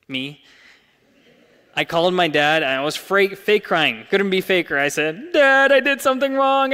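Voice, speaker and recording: Casual: young guy preaching in church, earnest, gets loud then goes quiet, kinda high voice, big echoey hall. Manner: earnest, rising to emphatic peaks then dropping soft. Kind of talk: sermon. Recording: long hall reverb.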